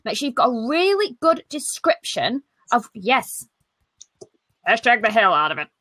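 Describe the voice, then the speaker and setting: Brash, lively British woman on a video call. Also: a little high, moderate pace, dry recording. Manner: brash, lively and jokey, with mild swearing. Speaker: live stream host. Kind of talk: casual live stream chat.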